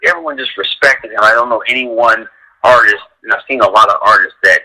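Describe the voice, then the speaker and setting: Male radio guest, dog trainer; bright, cutting tone; casual, rambling, animated storyteller. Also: a little fast, rough recording. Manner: animated storyteller, heavy use of "like", acts out quotes in a higher voice.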